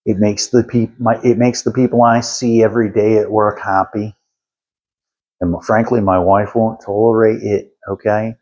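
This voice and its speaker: A man's voice: lowish voice, flat delivery, normal speed, a little mellow, dull audio. A man delivering an opinion monologue to viewers, putting on a playful accent and pressing his points with repeated "okay?"s. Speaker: political commentator.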